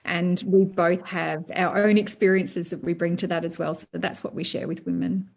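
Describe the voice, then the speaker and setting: A woman's voice: on the low side, little pitch movement, moderate pace, creaky, darkish tone. A middle-aged woman guest talking about money management in a conversational interview, earnest and given to long, looping sentences.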